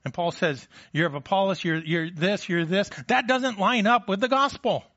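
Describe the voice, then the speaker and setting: A man's voice: sits high, normal speed, fairly bright tone, dry recording, dull audio. A man preaching a sermon in a conversational way, with frequent restarts and rhetorical questions. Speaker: pastor.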